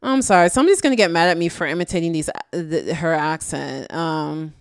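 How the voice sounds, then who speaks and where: Tired exasperated woman reacting on her channel, slangy, clean clear voice. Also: sits low, fairly quick, dry recording, studio quality. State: tired late at night. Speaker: YouTube commentator. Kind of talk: casual reaction commentary.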